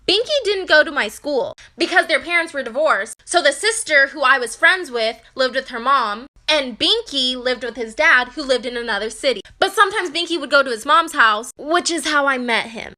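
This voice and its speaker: A woman's voice: sits high, bright, forceful tone. A young woman telling a storytime in a playful, self-assured way. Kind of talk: casual storytime.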